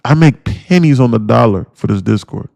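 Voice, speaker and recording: A man's voice: mid-range voice, expressive, moderate pace, vocal fry, a little mellow, dry recording, faint music behind. Profane, ranting man with a dry close sound. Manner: blunt, swearing, mocks viewers in put-on voices. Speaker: livestream day trader. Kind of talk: profane ranting livestream talk.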